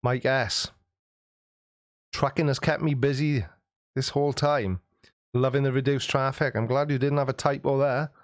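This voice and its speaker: A man hosts a live stream and reads viewer comments in a cheeky, joking way, laughing often. His pitch sits mid-range, and the sound is dry and close, with no room echo. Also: fairly even intonation, moderate pace, long pauses. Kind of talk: casual chat reading out viewer comments.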